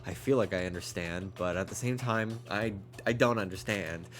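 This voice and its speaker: A man's voice: low-pitched, normal speed, a bit bright. A young man streaming a game, chatting casually and rambling with lots of fillers, reading game text aloud, with game music behind. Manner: rambling, many likes and ums, reads game text aloud. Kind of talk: game let's play with casual chat.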